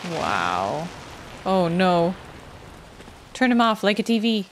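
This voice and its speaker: A woman's voice: lowish voice, wildly swooping pitch, slow pace, slight background noise. A young woman commenting on a game as she plays, swearing freely and cheering herself on. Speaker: gameplay streamer. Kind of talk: let's play commentary. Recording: game music behind voice. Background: game music and rain sounds.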